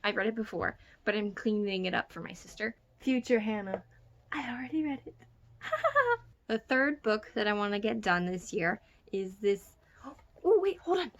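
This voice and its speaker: A woman's voice: medium pitch, expressive, moderate pace. A young woman chatting casually in a home book vlog, self-mocking and giggly, recorded on a phone in her bedroom. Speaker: book vlogger. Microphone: phone camera.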